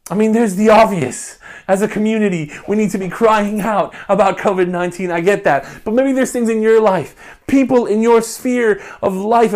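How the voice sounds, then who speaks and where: A man, a pastor preaching a passionate sermon that swings from quiet reflection to loud appeals. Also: high-pitched. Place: church recording during lockdown.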